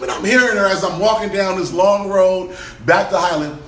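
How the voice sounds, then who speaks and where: Guy telling a crazy story on a podcast, swears a lot, high bright voice, echoey room. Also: brisk. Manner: animated, profane, laughing through the story. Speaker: podcast guest. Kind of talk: storytelling, casual chat.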